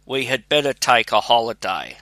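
A man voicing a clever, self-assured young scholar who calmly reassures his father in a storybook reading. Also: mid-range voice, normal speed, dry recording. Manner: calm, reassuring.

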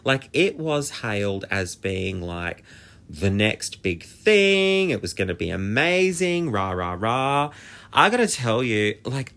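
A man hosting a casual solo podcast, chatty, camp and gossipy, his pitch jumping up high when excited. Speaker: podcast host.

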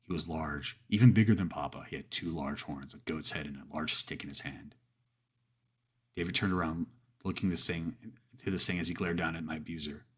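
Male horror storyteller, deep husky voice, earnest and deliberate. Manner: earnest, measured, with pauses and restarts. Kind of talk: horror story narration and reflective commentary.

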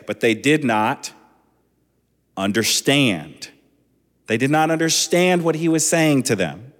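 A man in his thirties preaching a sermon as a pastor, relaxed and conversational with chatty asides. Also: lowish voice. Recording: long echoing hall reverb.

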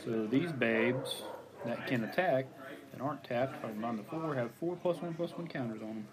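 A man's voice: medium pitch, normal speed, a crowd in the background. A man playing a card game, talking through his turn and counting out his moves. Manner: thinks aloud, counts and explains his moves.

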